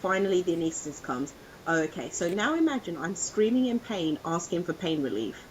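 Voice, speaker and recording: A woman co-hosting a podcast, her voice sitting on the lower side. She tells her story with animation, acting out the voices of the people she quotes. A faint low rumble runs behind her. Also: very animated, brisk, highs cut off. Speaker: podcast co-host. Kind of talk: casual podcast chat.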